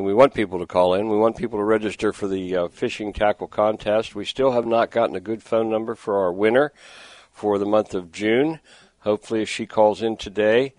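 Male radio host, middle-aged, low voice, dry studio sound, chatty rambler. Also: dry recording. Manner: rambling, exasperated storytelling. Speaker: radio fishing show host. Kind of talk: casual radio talk. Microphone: studio microphone with headphones.

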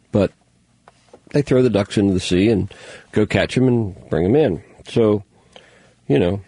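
A man's voice: lowish voice, a little mellow, dry recording. A man hosting a talk show, rambling through news stories with sarcastic, mocking asides. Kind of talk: casual news commentary monologue.

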